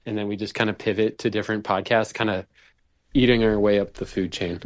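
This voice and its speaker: A man's voice: fairly low pitch, steady tone, a little fast, dry recording. Laid-back male podcast co-host, dry sound. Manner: laid-back, many "like" and "kinda" fillers. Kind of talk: casual chat.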